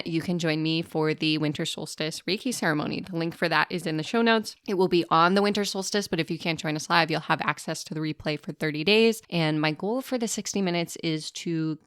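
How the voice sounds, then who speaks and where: A woman's voice: fairly low pitch, a bit bright, clear, resonant tone, no room sound, clean studio sound. A woman co-hosting a casual podcast, enthusiastic and encouraging as she chats. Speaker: podcast co-host.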